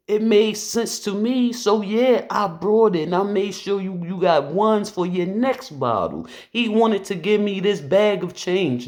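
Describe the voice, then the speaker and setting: A man's voice: sits high, lively intonation, measured pace, hardly any pauses, a little mellow. A man who works as a police officer, telling a personal story to camera in an earnest, conversational way with loose phrasing and restarts.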